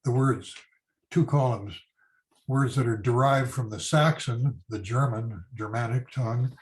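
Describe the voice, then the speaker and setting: An older man giving an informal history lecture, halting with many fillers and restarts as he explains. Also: medium pitch, a little mellow, poor audio. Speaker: history teacher.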